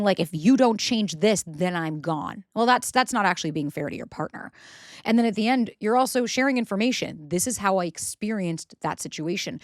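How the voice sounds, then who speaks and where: A woman podcast host talks fast and bluntly, swearing freely and slipping into quoted back-and-forth dialogue. Her voice sits at a middle pitch and is recorded dry and close, with no room sound. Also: no echo. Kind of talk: casual advice monologue.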